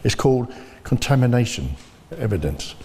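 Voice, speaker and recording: A man's voice: medium pitch, very animated, normal speed, a little mellow, slight background noise. A man telling of his son's death in blunt, earnest testimony. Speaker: bereaved father giving testimony. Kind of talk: personal testimony in conversation. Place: church. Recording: long reverb of a church hall.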